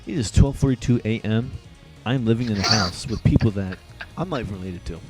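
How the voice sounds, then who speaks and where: A young man doing live play-by-play for a video football game, keeping his excitement quiet so as not to wake his housemates. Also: lowish voice, a little fast, over loud music. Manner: holding back his volume, hyped but quiet. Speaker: play-by-play commentator. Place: shared house at night.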